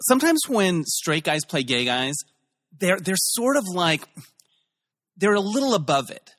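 A man's voice: sits high, very animated, measured pace, a bit bright, in a large hall. A male host asking questions and rambling enthusiastically in a casual interview chat. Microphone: video call.

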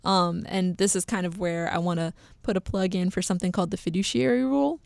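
A woman's voice: fairly low pitch, quick pace, creaky, a little mellow, no room sound. A young woman co-hosting a podcast, chatting casually with many fillers and small laughs. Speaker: podcast co-host. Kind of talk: casual chat.

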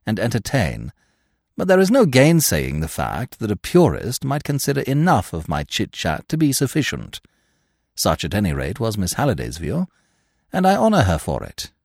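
A talkative young Englishman in a storybook, full of ornate, pompous turns of phrase and dry whimsy, as a male narrator voices him. His pitch rises and falls freely, and the recording is dry and close. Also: a little mellow, no echo. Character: verbose, urbane young Englishman, drily whimsical.

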